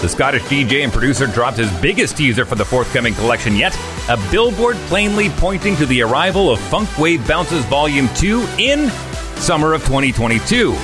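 A man hosting a morning radio show, reading music news at a brisk pace and chatting in a relaxed way. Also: mid-range voice. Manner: brisk newsreader delivery, then relaxed storytelling banter. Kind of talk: radio news read and casual morning chat.

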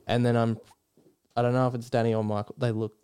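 A man's voice: mid-range voice, little pitch movement, fast, dark tone, clear, resonant tone. A man with an Australian accent co-hosting a podcast in casual chat, rambling with restarts and swearing freely. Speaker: podcast co-host.

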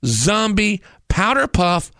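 A man's voice: high voice, slow, no room sound, clean studio sound. A man in his forties hosting a show, telling stories and ranting profanely in a comedic style. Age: 40s. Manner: profane, ranting, animated storytelling. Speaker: host. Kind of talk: comedic rant.

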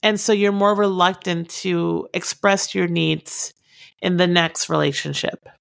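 Woman, relationship advice talk, direct and earnest, slight fry in her voice. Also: lowish voice, steady tone, unhurried. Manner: direct, earnest, repeats key points for emphasis.

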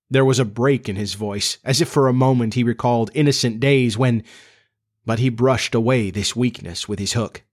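Man, storybook narrator, measured, steady reading. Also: medium pitch.

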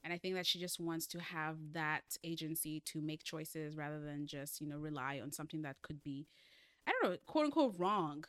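A woman co-hosting a casual book discussion podcast, animated and laughing often, with playful asides. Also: sits low, moderate pace, clean tone, no room sound.

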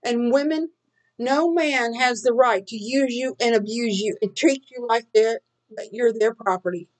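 A middle-aged woman gives a sermon-style Bible study. Her voice sits a little high, and she speaks earnestly, asking her listeners question after question. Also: a little slow, poor audio. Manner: earnest, asks searching questions. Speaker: Bible teacher.

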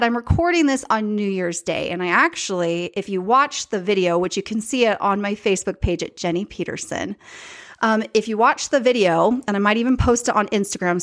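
A woman hosting a podcast, talking in an emphatic, chatty way, repeating her key points and speaking straight to her live viewers. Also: on the high side. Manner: addresses live viewers directly. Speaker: podcast host. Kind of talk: casual solo podcast monologue.

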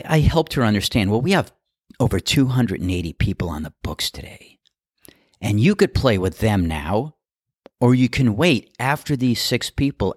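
A man's voice: on the low side, dry recording, clean studio sound. A man working as a golf course starter, telling a story in a casual monologue and acting out the voices of the people in it. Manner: animated storyteller who acts out others' voices.

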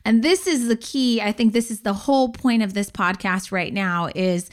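A woman's voice: mid-range voice, moderate pace. A middle-aged woman co-hosting a podcast, telling family stories in a blunt, candid way with casual swearing. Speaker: podcast co-host. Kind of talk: casual chat.

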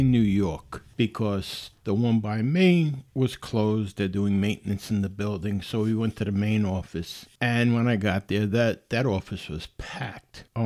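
A man's voice: lowish voice, darkish tone. A man hosting a podcast, telling a long story in a chatty, rambling way with many restarts. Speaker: podcast host. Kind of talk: casual storytelling monologue. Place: from near Poughkeepsie, New York.

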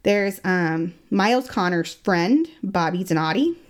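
A woman telling a true-crime story in casual chat, animated, laughing often and acting out quotes. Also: lowish voice, unhurried. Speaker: guest storyteller.

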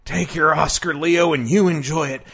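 A man voicing a cocky rival actor in a comedy sketch, with a gravelly, mumbling, smug delivery. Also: medium pitch, sing-song, very slow, fairly bright tone, voice pushed down, heavily acted.

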